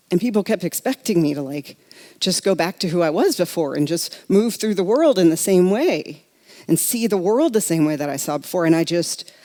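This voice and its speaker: A woman's voice: fairly low pitch, mellow. A middle-aged woman minister preaching a sermon in a reflective, conversational way, speaking directly to her congregation. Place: church sanctuary.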